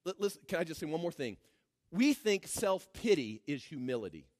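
A man preaching a sermon as pastor, swinging from shouted declarations to low, mocking asides. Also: sing-song, brisk, no room sound, clean studio sound. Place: church.

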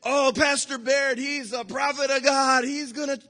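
A male pastor putting on the voice of an overeager, fawning church member in a high gushing tone. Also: flat delivery, moderate pace, bright, forceful tone. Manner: breathless, fawning, high-pitched gush. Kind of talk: mocking impression in a sermon.

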